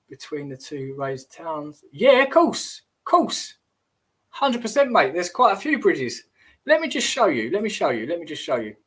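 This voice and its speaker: A man's voice: on the high side, a bit bright, slightly rough. A man hosting a casual livestream, rambling and exclamatory, often trailing off and restarting mid-sentence. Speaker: host.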